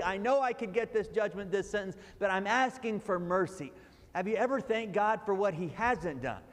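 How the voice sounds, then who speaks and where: A man's voice: high-pitched, big-room sound. A man preaching a sermon as pastor, raising his voice for emphasis and acting out the lines he quotes.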